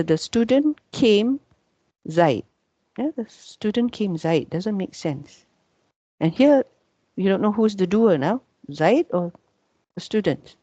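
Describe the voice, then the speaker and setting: A woman's voice: mid-range voice, dark tone, no room sound, muffled recording. A woman from Malaysia, teaching an online grammar class and patiently repeating points, checking in with "yeah?" between them. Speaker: Arabic teacher.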